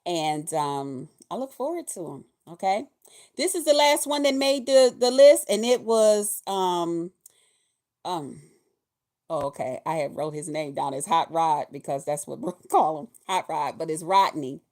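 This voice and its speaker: Hosting her weekly live show, this woman chats folksily with viewers, greeting and thanking them one by one. Her voice sits lowish with a darkish tone, and her intonation is lively while her pace stays measured.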